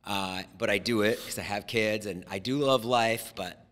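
A man's voice: on the low side, normal speed, fairly bright tone. Man in his 40s hosting a podcast, rambly storyteller, lots of laughing, long reverb around him. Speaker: podcast host. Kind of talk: casual chat. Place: podcast studio.

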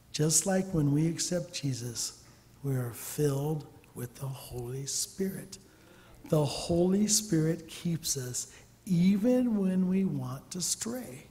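A man preaching a sermon as a church elder, telling stories and acting out the people in them. His voice is mellow and sits a little high, and he sometimes sinks to a near whisper. The sound carries the long reverb of a big hall. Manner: storytelling preacher, acts out dialogue, drops to near whispers. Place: church sanctuary.

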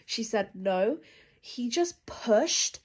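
A woman's voice: a little high, animated, extremely slow, slightly rough. A young woman in a casual book vlog, candid and sarcastic, laughing often. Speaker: book vlogger. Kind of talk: casual reading vlog chat.

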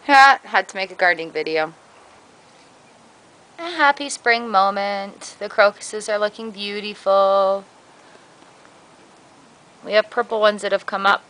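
A woman's voice: medium pitch, measured pace, long pauses, sharp tone, low-quality recording. A woman chatting casually in a home vlog, playful, switching to baby talk with her dog. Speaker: vlogger. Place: garden outdoors.

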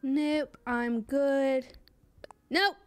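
A woman's voice: high-pitched, fairly even intonation, drawn-out words, over music. A young woman streaming a game live, chatting in a rambling, bubbly way with lots of fillers and thanking viewers as they comment.

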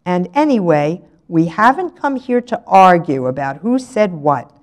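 Woman reading a brisk cheerful schoolteacher. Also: fairly low pitch, sing-song. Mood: coaxing.

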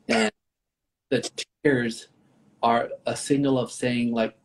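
A man speaking as a psychologist, thoughtful and gentle, explaining ideas over a video call with pauses. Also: mid-range voice, low-quality recording. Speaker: psychologist, trauma therapist. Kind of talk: reflective conversational explaining. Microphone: livestream video call.

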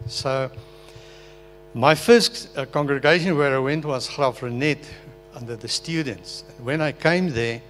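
A man's voice: mid-range voice, a little slow, a bit bright, slight background noise. An older man from Africa, an earnest, emotional pastor sharing his personal testimony in a sermon. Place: meeting hall.

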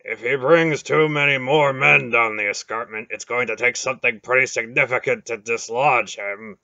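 A man reads a gruff, big, red-bearded warrior in a fantasy audiobook, pitched a little high and rather loud. He makes blunt, booming demands. The recording is dry, with a slightly dull sound. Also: fairly even intonation, normal speed, no room sound. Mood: grim.

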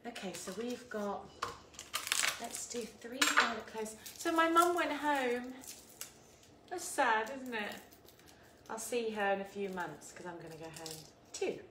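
A woman's voice: a little high, expressive, unhurried. A woman, chatting casually and laughing as she hosts a live cooking stream from her home kitchen and greets viewers by name. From England. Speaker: cooking show host. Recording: echoey kitchen with faint background noise.

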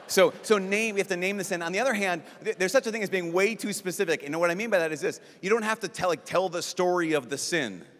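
A priest giving a lively, joking talk at a youth conference, acting out quick voices as he goes. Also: high-pitched. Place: large conference hall. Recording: long reverb of a large hall.

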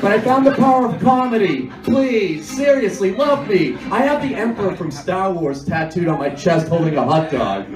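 A man with a strikingly high voice does a comedy song live, jittery and self-mocking between loud call-and-response chants. He sounds far from the mic in an echoey room, with music playing under him. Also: very animated, normal speed, few pauses. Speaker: stand-up comedian. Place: comedy theatre stage with audience. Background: audience laughter and live music.

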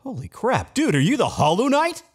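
In a full character voice that's high and breathy, with huge pitch swings at normal speed, a voice actor and channel host plays a small male bug knight in a comedy fan-parody. The sarcastic, jittery knight wisecracks, lurching from bravado to panic, with music running underneath.

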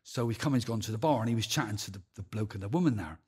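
A man's voice: on the low side, lively intonation, racing, darkish tone, husky. A man with a Bristol accent, a podcast guest telling stories in casual, heavily sworn talk, acting out the dialogue. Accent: Bristol English. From England. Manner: swears heavily, acts out dialogue, laughs while telling stories. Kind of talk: casual storytelling.

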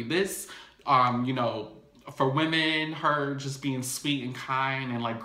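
A man's voice: medium pitch, fairly even intonation, slow pace, sharp tone, roomy sound. A man recapping a TV episode in a casual, gossipy way, with playful asides to his viewers. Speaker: YouTube recap host.

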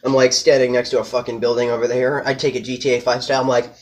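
A man's voice: mid-range voice, level tone, quick pace. A man delivering a crude, rambling comedic rant, profane and peppered with Spanish slang.

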